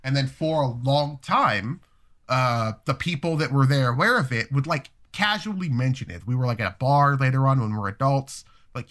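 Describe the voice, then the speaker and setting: Profane, animated man telling a story. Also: medium pitch, normal speed. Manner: profane, animated, acts out quoted voices. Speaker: storyteller guest. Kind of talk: casual storytelling.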